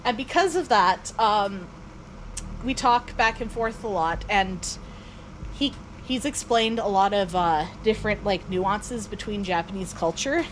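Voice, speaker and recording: A woman's voice: medium pitch, a little slow, a little hiss or hum, poor audio. A woman streamer chatting casually while playing a game, rambling with lots of fillers and restarts. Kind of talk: casual chat while gaming.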